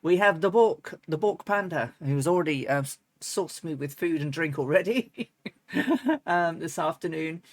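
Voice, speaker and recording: A woman's voice: low-pitched, animated, measured pace, no room sound. A woman streaming a flight simulator, chatting casually and rambling with lots of ums and restarts, now and then breaking into laughs. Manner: bursts into laughs and chants. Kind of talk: casual live-stream chat.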